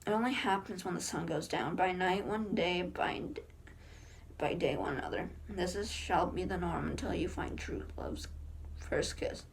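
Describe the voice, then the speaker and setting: A woman reading the lines of a secretive young princess from a film script in her own everyday voice, flat and stumbling over words. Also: fairly low pitch, moderate pace, creaky, a little hiss or hum, poor audio. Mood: plain reading. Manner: flat read-aloud delivery with slips.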